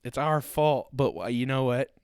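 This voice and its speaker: A man's voice: medium pitch, normal speed, darkish tone, clean tone, dry recording, studio quality. A young man hosting a solo podcast, ranting loosely and profanely with laughing asides. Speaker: podcast host.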